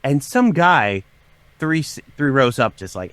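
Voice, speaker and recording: A man's voice: mid-range voice, measured pace, no room sound. A man in his forties, a writer and voice actor, telling personal stories in a podcast conversation and acting out the voices of people he quotes. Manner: animated storyteller who acts out quoted voices. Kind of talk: candid storytelling conversation.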